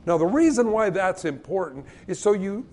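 A man with a high voice, speaking at normal speed, preaches a sermon as pastor. He tells the stories with energy and acts out the voices of the people in them.

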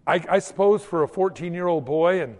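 A man preaching a sermon in an animated, folksy storytelling manner, acting out the quotes. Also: sits high, a little fast, long reverb tail.

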